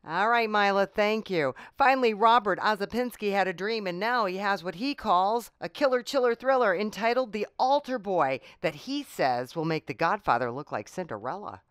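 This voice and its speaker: A woman hosting a radio book show, interviewing authors with brisk, scripted sign-offs. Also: mid-range voice, lively intonation, clear, resonant tone, no echo, clean studio sound.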